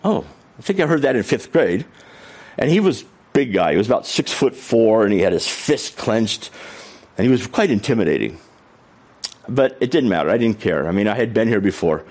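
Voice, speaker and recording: A man's voice: fairly low pitch, lively intonation, a little fast, darkish tone. A middle-aged man giving a humorous storytelling keynote talk on stage. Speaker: keynote speaker.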